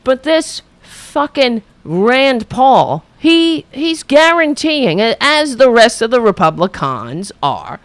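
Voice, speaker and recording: A woman podcast host delivers a heated, profane political rant laced with sarcasm. Her pitch swings widely as she talks. The sound is dry and close, with no room echo. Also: very animated, takes it slowly, hardly any pauses. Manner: heated, profane, sarcastic rants at a played clip. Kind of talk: angry political commentary.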